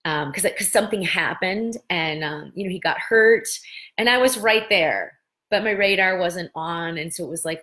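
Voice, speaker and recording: A middle-aged woman hosting a casual live-stream talk, telling stories with lively gestures of voice and bursts of laughter. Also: on the low side, moderate pace. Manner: animated storytelling, breaks into laughter. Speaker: host.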